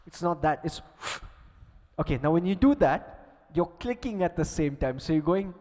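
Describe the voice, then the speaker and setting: Working the crowd with playful, chatty banter, this emcee hosts a conference from a big hall stage on a handheld microphone. He speaks at normal speed in a fairly high, animated, slightly mellow voice; there's slight background noise, long reverb, and faint music.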